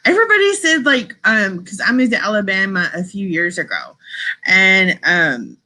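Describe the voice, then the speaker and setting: A woman's voice: medium pitch, very animated, normal speed, sharp tone. A woman hosting a casual live stream, chatting and rambling to her viewers, laughing often and saying y'all.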